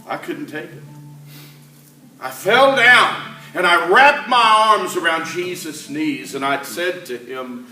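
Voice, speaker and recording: A man playing the apostle Peter, an impulsive fisherman, in a dramatic first-person church monologue. He swings between loud cries and hushed asides. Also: a little high, animated, slow pace, full character voice. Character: the apostle Peter, a rough, impulsive fisherman telling his story. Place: church sanctuary. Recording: echoey church hall, mic at a distance.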